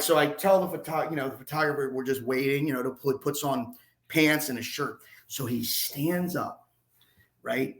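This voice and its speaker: Lively sports reporter telling stories. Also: male voice, medium pitch, moderate pace. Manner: animated, self-deprecating, rambling. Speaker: podcast guest, sports reporter. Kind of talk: casual storytelling.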